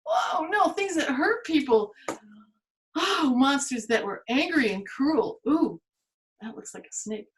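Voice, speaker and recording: A woman's voice: high-pitched, animated, slow, slight background noise, voice pushed up. A woman playing Pandora, a curious, vain young woman from Greek myth, in a playful, theatrical storytelling manner. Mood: panicked.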